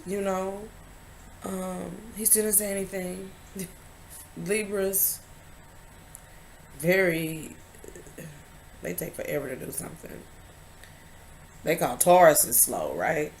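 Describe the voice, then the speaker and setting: A woman vlogger telling a candid personal story, emphatic and confiding, swinging between loud stresses and hushed asides. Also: medium pitch, slight background noise.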